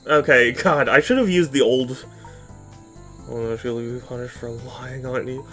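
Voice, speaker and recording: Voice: mid-range voice, steady tone, measured pace, pushed and bright, soft background music. A streamer who just woke up, reading a detective game's lines aloud in put-on voices and breaking off to bicker with chat. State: just woken up. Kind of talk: live game stream, reading dialogue aloud.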